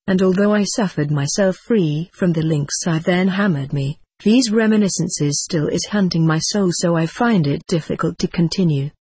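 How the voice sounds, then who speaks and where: Audiobook narrator, husky tone, even measured reading, dry close sound. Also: mid-range voice, no room sound. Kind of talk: scripted narration.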